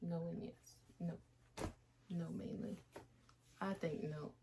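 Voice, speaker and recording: A woman's voice: on the low side, fairly even intonation, slow pace, noisy background. A young woman in her twenties casually reading out questions to her husband in a Q&A, laughing often. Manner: giggly, reads out questions. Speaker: wife, Q&A host. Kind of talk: casual couple Q&A chat.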